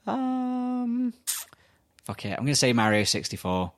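A British man co-hosting a podcast in casual chat, swearing freely and telling animated stories with acted-out voices. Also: fairly high pitch, measured pace. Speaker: podcast co-host.

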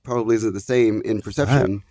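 A man's voice: lowish voice, fairly even intonation, brisk, dark tone. A man co-hosting a casual chat, making matter-of-fact points between short backing remarks.

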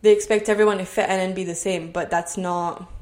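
A woman's voice: lowish voice, fairly even intonation, brisk, darkish tone. A woman in her twenties from Scotland with a Scottish accent, talking alone on her podcast at home in an earnest, motivational way. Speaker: podcast host. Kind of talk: solo podcast monologue.

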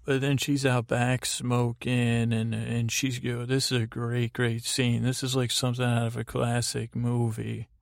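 A man's voice: medium pitch, flat delivery, measured pace, gravelly, few pauses, no echo, studio quality. A man hosting a bedtime podcast, rambling through a meandering recap full of fillers and digressions. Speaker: podcast host.

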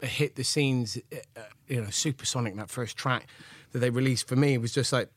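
A man in his forties from England, an animated chef rambling through stories as a podcast guest, with lots of fillers and laughs. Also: medium pitch, brisk, breathy edge, no echo. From Gloucester, England. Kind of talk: casual storytelling chat.

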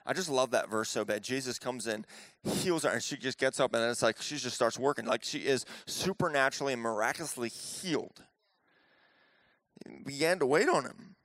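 A man's voice: medium pitch, a little fast, a bit bright, dry recording. A man in his thirties preaching a casual, conversational sermon as pastor, telling the story with playful little voices.

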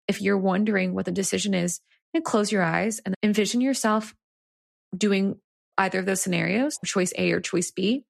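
Earnest woman with a gravelly voice. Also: mid-range voice, no echo, studio quality. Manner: reflective, earnest storyteller. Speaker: guest, executive coach and author. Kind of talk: conversational interview storytelling.

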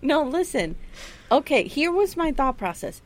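A woman co-hosting a podcast in casual chat, animated and profane, laughing often. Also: high-pitched, measured pace. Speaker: podcast co-host.

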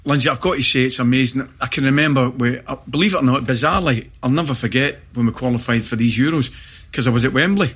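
Husky middle-aged Scottish man telling stories. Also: mid-range voice, fast. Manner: animated anecdotes with laughter and acted-out shouts. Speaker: guest. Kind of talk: storytelling in casual chat.

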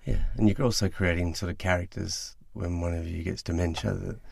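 Low, gravelly man. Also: steady tone, fairly quick, dry recording. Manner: swears freely, laughs while telling stories. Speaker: podcast co-host. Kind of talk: casual podcast chat.

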